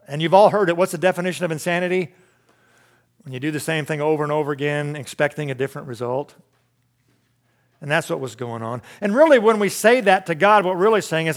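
Man, pastor preaching, fairly high voice, conversational, rhetorical questions, loud then hushed. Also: fast talker. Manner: dynamic, swings from loud emphasis to hushed asides; conversational with rhetorical questions and self-deprecating laughs. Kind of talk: sermon.

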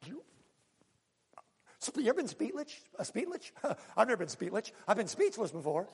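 Animated preacher in a reverberant hall. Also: male voice, high voice, normal speed, vocal fry, breathy edge. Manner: animated, swinging from loud exclamations to hushed asides. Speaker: pastor. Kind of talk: sermon.

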